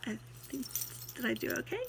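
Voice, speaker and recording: A woman with a Tennessee twang, reciting her poetry and then chatting folksily to her viewers, her voice going hoarse. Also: fairly high pitch, sing-song, brisk, background noise. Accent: Tennessee Southern twang. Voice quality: folksy, affectionate, calls listeners hon. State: losing her voice. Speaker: Christian poet and vlogger. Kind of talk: poetry recitation and casual chat to camera.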